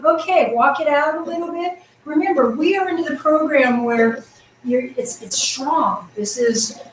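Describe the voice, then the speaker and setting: Upbeat female tai chi teacher, fairly high voice, projecting, heard from across an echoey room. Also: unhurried, distant mic, slight background noise. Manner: upbeat, encouraging, counts out moves; projecting her voice loudly. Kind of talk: guiding an exercise class. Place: exercise room indoors.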